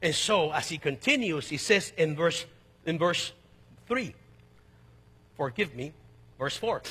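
A middle-aged man preaching with a high, bright, husky voice. He swings from hushed, low stretches into loud, emphatic outbursts and slows down for scripture readings. His voice carries a long reverb, as in a church hall. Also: lively intonation. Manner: slows down to read scripture aloud. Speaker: pastor. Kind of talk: sermon.

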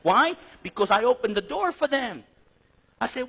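A middle-aged man teaching a Bible class in a lively sermon style, telling stories and acting out conversations. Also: extremely high pitch, normal speed, gravelly, slightly rough. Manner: animated storytelling, acts out conversations, frequent restarts.

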